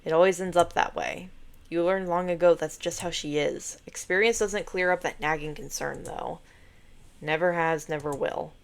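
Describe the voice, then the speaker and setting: A woman streaming a story game, reading out the narration and chatting between scenes. Her voice sits lowish, and her talk is casual and full of fillers. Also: moderate pace, vocal fry, smooth. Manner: chatty, swearing, filler-heavy. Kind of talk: playthrough commentary and narration.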